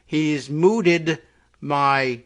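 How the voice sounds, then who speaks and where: Brief: male talk host, slightly higher voice, reads headlines then adds dry sarcastic commentary. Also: drawn-out words, a bit bright. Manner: wry, sarcastic asides between read passages. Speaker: podcast host. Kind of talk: reading news aloud with commentary.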